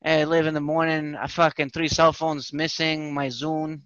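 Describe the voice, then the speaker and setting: A man's voice: on the high side, little pitch movement, moderate pace, fairly bright tone, muffled recording. A man telling a story with animation on a casual podcast chat, swearing and repeating himself. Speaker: podcast host.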